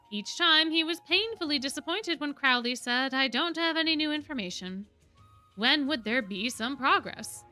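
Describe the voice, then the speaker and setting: A woman reading a novel aloud on a stream, expressive, often dropping her voice for emphasis. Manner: expressive, with frequent drops in pitch and volume for emphasis.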